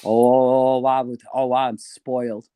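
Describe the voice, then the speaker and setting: A man's voice: mid-range voice, little pitch movement, slow pace, mellow, smooth, dry recording. An older man from New York, a retired guest telling stories in a casual, chatty way and swearing now and then. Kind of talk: casual chat.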